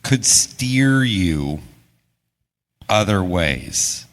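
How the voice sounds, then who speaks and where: A man's voice: sits low, big pitch swings, very slow, a bit bright. A man co-hosting a live podcast on stage, chiming in with brief, dry remarks. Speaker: podcast co-host. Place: podcast festival stage before an audience. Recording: live stage with long hall reverb.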